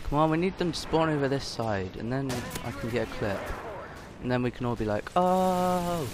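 A man giving jokey, excitable commentary over his own first-person shooter gameplay, quickly frustrated when shots miss. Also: mid-range voice. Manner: excitable, joking, easily frustrated. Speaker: gaming channel host. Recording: game gunfire noise behind voice. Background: shooter game gunfire.

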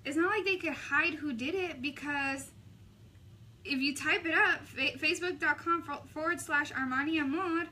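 A young woman vlogging a makeup tutorial, chatting casually with a sassy, animated way of telling stories. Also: sits high, normal speed.

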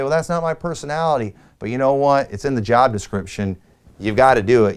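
Earnest male pastor with a smooth voice. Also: medium pitch, a little mellow. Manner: earnest, direct exhortation with rising emphasis; reads scripture aloud in King James wording. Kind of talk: teaching on preaching. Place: church.

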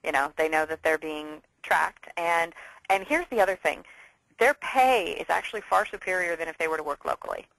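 A woman hosting a casual business interview, enthusiastic and talking in quick bursts. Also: on the low side, creaky, a bit bright, dry recording, rough recording. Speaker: interview host.

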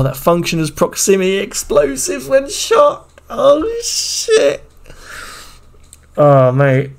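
A man streaming, reacting excitedly to a game trailer in casual, profanity-laced commentary. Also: medium pitch. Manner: excitable, swears freely, talks over the video.

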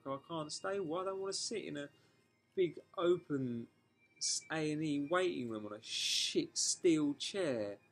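A man's voice: medium pitch, slightly rough. A man telling a personal story to camera in a candid vlog, frank and emotional, swearing freely and restarting his sentences as he goes. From England. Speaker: vlogger.

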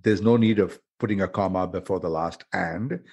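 Husky-voiced man hosting a podcast. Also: low voice, normal speed, a little mellow. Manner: playful, joking, explains with examples. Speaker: podcast host. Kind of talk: casual chat about words.

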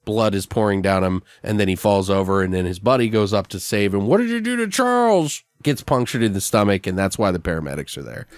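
A podcast host brainstorms a horror story aloud in casual, profane rambling, now and then acting out his characters. His voice is a lowish, clear, resonant male voice, recorded close and dry. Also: quick pace, hardly any pauses, no echo. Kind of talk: casual improvised brainstorming chat.

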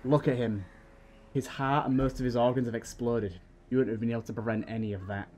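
A man voicing a steady, fatherly older male soldier who reassures a younger comrade, in a read-aloud game story. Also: medium pitch, a little fast, slight background noise, lightly acted. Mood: reassuring.

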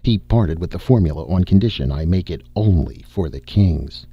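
A man voicing a crafty, confident male rebel who talks smoothly and persuasively. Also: low voice, expressive, moderate pace, dry recording, highs cut off, exaggerated voice. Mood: sly.

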